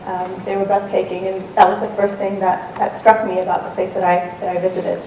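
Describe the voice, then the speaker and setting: A woman's voice: mid-range voice, completely flat delivery, fairly quick, dark tone. A woman giving a storytelling talk on stage, conversational, with frequent ums and restarts. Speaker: talk speaker, adventurer. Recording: roomy and distant with faint noise.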